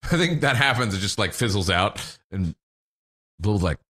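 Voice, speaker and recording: A man playing a tabletop game, halting and jokey, with lots of fillers. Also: lowish voice, animated, a bit bright, breathy edge. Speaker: player.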